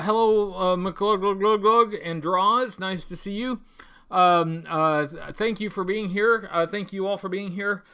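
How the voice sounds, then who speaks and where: A man's voice: high-pitched, pushed and bright, clean tone. A man hosting a live stream, chatting casually and greeting viewers by name, with lots of ums and restarts. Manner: halting, many fillers and restarts. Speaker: toy collecting channel host. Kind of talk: casual livestream chat.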